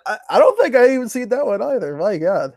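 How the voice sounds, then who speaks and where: A man's voice: very high voice, fast, no room sound, clean studio sound. A man co-hosting a live stream in casual chat, swearing and laughing easily. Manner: profane, laughs a lot, lively.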